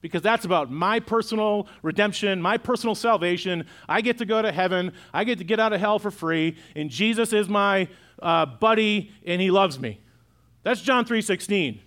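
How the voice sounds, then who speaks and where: A middle-aged man with a fairly high voice preaches to a church congregation. His delivery is conversational, and he keeps putting questions to the listeners. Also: moderate pace, a bit bright. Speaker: pastor. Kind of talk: sermon. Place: church auditorium.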